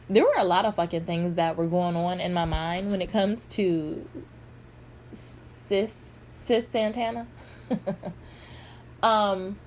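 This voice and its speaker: A woman's voice: on the low side, darkish tone, a little hiss or hum. Blunt, profane woman in a commentary vlog. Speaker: pop culture commentator.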